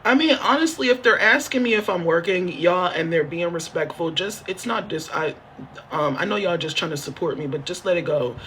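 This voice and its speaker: Brisk and expressive, the man's high voice sounds pushed and bright over slight background noise. He chats on a phone livestream from a motel room, half joking straight to his viewers, rambling, repetitive and swearing freely as he seeks their help.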